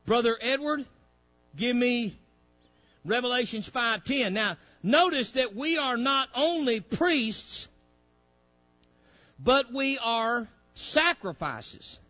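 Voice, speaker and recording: A man preaching a sermon in a church, dropping to low murmurs and rising to loud shouted peaks. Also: animated, takes it slowly, long pauses, dull audio, soft background music. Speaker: pastor.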